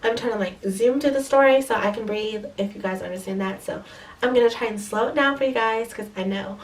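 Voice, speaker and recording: Fast-talking, profane young woman vlogger. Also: fairly high pitch, distant mic. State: stuffy nose. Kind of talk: casual storytime.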